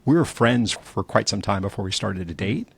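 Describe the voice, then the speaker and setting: Middle-aged male guest, low husky rasp, lively anecdotes. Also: normal speed, no room sound. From New Jersey. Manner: animated storyteller, acts out quotes. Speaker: entrepreneur guest. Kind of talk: candid conversational storytelling.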